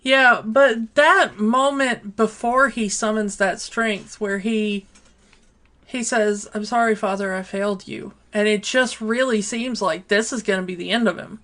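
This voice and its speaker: Slow-talking woman on a podcast. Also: a little high, fairly even intonation, a bit bright. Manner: unhurried, many fillers like um and you know. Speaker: podcast co-host. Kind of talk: casual chat.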